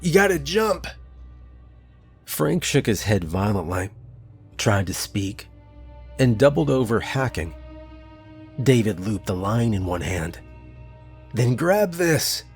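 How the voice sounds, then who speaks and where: A man reading a scripted horror story in a measured storytelling manner. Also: fairly low pitch, vocal fry, a little mellow. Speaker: narrator.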